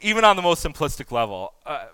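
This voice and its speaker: Bright-voiced animated pastor preaching. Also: male voice, a little high, fast talker, clean tone, dry recording. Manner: animated, self-deprecating humor, loudly acts out quotes. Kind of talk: sermon.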